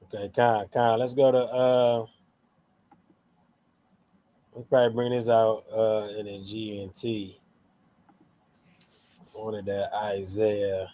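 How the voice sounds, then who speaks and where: A man co-hosting a scripture talk in a relaxed, slangy way, switching into playful tones when he quotes. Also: fairly low pitch, takes it slowly, pauses often. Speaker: co-host of a scripture show. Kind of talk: casual religious discussion.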